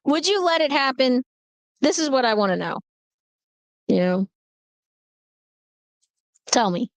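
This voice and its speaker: Blunt, animated woman in her forties, storytelling to a live chat, smooth voice, dry close sound. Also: high-pitched, slow pace, no room sound. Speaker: livestream host.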